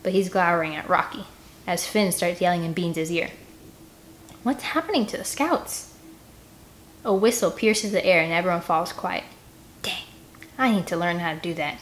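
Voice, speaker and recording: A woman reading a children's novel aloud in first person, gentle and expressive. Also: on the low side, fairly quick, slight background noise. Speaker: audiobook reader. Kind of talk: first-person storybook narration.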